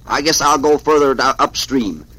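Male reader voicing a frustrated bumbling husband, slow and lightly raised. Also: medium pitch, sharp tone, husky, dry recording, poor audio.

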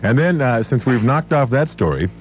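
A man's voice: medium pitch, big pitch swings, normal speed, soft background music. A man reading the news on a morning radio show in a wry, playful way, from a radio studio. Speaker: radio newsreader. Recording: dull lo-fi radio broadcast with faint hiss.

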